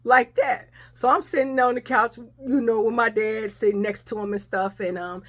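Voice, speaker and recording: A woman's voice: fairly high pitch, fairly even intonation, moderate pace. Chatty woman telling a storytime. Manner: chatty, addresses listeners as y'all, acts out quotes. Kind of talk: casual storytime.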